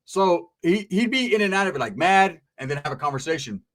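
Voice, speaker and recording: A man telling a profane comic story about an old friend, animated and acting out the people in it. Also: sits high, brisk. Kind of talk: comic anecdote.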